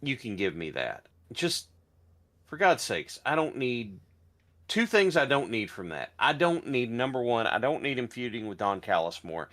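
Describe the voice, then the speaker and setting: A man's voice: mid-range voice, big pitch swings, moderate pace, a bit bright. A man co-hosting a podcast, talking emphatically and with exasperation in casual chat. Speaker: podcast co-host.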